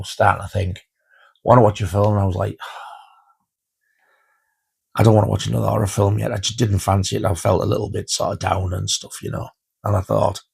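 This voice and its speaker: A man in his fifties talks through the films he has been watching in a casual home vlog. His voice sits low with a gravelly, husky edge, and he gets excited and chuckles as he retells his favourite scenes. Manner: chatty, enthusiastic, laughs while retelling scenes. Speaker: film reviewer.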